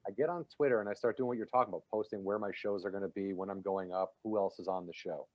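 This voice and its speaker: A man with a fairly low voice, a comedian guest telling stories on a podcast in easy conversation. He acts out other people's lines and laughs as he goes, and his sound is close and dry with no room echo. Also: quick pace, lo-fi sound. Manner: animated storyteller, acts out quoted lines, laughs while talking. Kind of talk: casual interview chat, storytelling.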